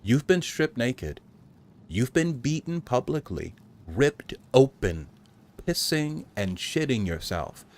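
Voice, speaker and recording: A man hosting a provocative monologue, talking slowly and graphically, mocking in a raised voice at times and addressing listeners as gentlemen. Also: medium pitch, very animated. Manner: slow, graphic, mocking, acts out taunts in a raised voice. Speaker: podcast host.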